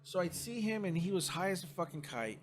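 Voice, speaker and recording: A man co-hosting a podcast about security work, chatting casually and telling lively stories, swearing freely. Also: high voice, a little fast, faint music behind. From United States. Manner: excitable storyteller, swears freely. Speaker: podcast co-host, security supervisor. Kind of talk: casual chat.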